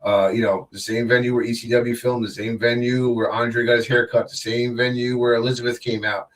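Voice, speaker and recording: A man's voice: medium pitch, flat delivery, brisk, recorded from a distance. A man guesting on a casual wrestling podcast, rambling with many fillers and restarts and joking around. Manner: jokey, slips into wrestler impressions.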